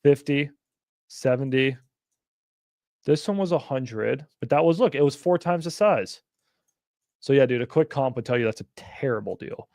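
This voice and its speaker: A man's voice: medium pitch, expressive, normal speed, pauses often, a little mellow, no room sound, clean studio sound. A young man hosting a casual livestream, talking bluntly and animatedly, with frequent swearing. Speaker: livestream host.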